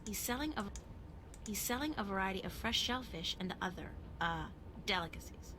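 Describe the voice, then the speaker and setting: A woman's voice: mid-range voice, expressive, moderate pace, background noise, natural voice. A woman voicing a wry young adventurer. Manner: wry, offhand remarks. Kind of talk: video game voice acting.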